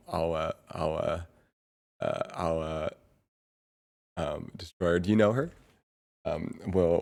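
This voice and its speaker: Young man, deep voice, rambling stream chat, halting, laughs often, desk mic. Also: gravelly, darkish tone. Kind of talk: casual chat reading chat.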